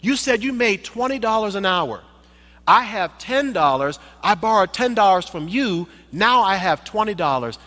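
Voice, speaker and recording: Guy doing a high pleading little kid voice, begging "daddy", echoey church hall. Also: animated, moderate pace, bright, forceful tone. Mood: insistent. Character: eager pleading little boy.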